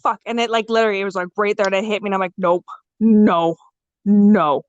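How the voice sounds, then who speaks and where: A woman's voice: medium pitch, rapid-fire, clean tone, no echo, highs cut off. Foul-mouthed young woman telling a story. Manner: swears freely and acts out quoted dialogue; lively, frank and joking. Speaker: podcast guest. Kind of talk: casual storytelling chat.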